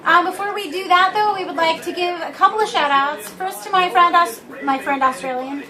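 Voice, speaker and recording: A woman's voice: extremely high pitch, a little fast, distant mic, crowd noise. A young woman co-hosting a vlog in playful, teasing casual chat, now and then breaking into a short sung line. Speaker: vlog co-host.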